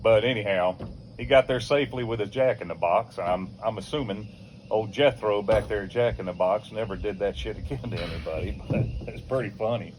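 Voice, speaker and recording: A man's voice: on the low side, a little fast, a little hiss or hum. Older man spinning a rowdy yarn. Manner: animated, acts out other people's voices; swears freely, chuckles while telling. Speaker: storyteller. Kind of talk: casual anecdote.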